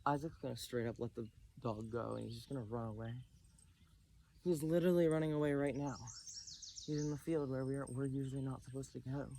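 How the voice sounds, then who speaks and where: A man chats into his phone out in a rural backyard, rambling from one thought to the next with a self-deprecating streak. His middle-pitched voice carries a slight breathlessness from moving the whole time. Birds and faint outdoor sounds sit quietly behind him. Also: fairly quick, slight background noise. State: slightly out of breath from hula hooping. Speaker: vlogger. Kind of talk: rambling casual monologue. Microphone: phone camera.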